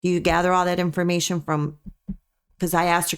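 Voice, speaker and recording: A woman with a lowish voice speaks as a podcast guest. She tells her story as a dog breeder in an earnest, emphatic way and keeps coming back to her main points. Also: level tone, a little fast, clear, resonant tone. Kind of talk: conversational storytelling.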